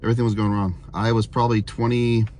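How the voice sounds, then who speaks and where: Fifties guy, kinda low voice, rambling earnest testimony vlog, says the same thing over and over. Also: flat delivery, fast, darkish tone, slight background noise. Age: 50s. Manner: earnest, rambling, repeats himself with many fillers. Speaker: vlogger sharing testimonies.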